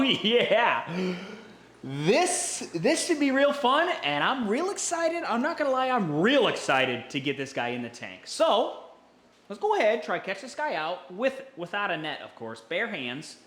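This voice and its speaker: An excitable man vlogging beside a large fish tank, his fairly high voice swinging up and down as he exclaims and repeats himself. His voice rings in an echoey indoor room. A faint hiss of noise sits under the recording. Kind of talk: excited hands-on vlog commentary. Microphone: camera mic, handheld.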